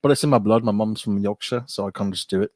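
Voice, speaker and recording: A man's voice: fairly low pitch, fast talker, darkish tone, dry recording, clean studio sound. A man co-hosting a crude, casual comedy chat, joking and slipping into voices. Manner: jokey, slips into a put-on British accent. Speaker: podcast co-host.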